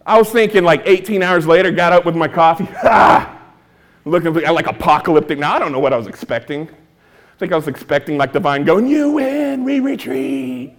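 A male stand-up comedian telling a story to an audience, acting out his own lines and now and then shouting them. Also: fairly high pitch, a little fast.

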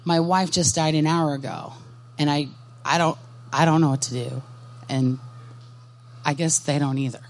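A woman voicing a newly widowed father who speaks in a halting, hushed way. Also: low-pitched, steady tone. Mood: stunned grief. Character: grieving young father, stunned and lost.

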